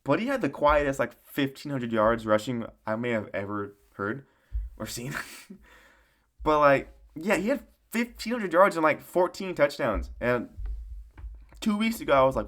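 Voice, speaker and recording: A man's voice: medium pitch, big pitch swings, moderate pace, fairly bright tone. Profane, rambling male sports ranter. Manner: profane, rambling, laughs a lot, mocking. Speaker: sports commentator. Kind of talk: casual sports recap rant.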